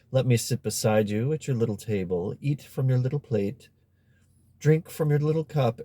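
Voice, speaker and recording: Casual: guy doing a throaty little frog, wheedling n sly, dark mellow voice. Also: mid-range voice, dry recording. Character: throaty talking male frog, sly bargainer.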